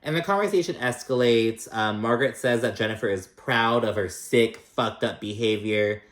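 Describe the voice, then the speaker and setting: A man talks through a reality show episode in a loose, gossipy way. He swears freely and drops into mock voices for the people he quotes. His pitch sits in the middle, and the room around him is noticeably echoey. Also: normal speed, a bit bright. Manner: chatty and profane, acts out quotes in mock voices. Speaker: reality TV recap host. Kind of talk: casual recap chat.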